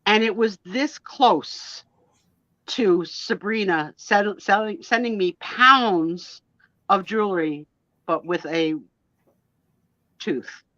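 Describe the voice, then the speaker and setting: A woman with a New Jersey accent telling stories on a casual live stream, animated and self-mocking. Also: mid-range voice, slow, long pauses, dry recording, highs cut off. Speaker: co-host of a live sale stream. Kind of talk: casual storytelling chat.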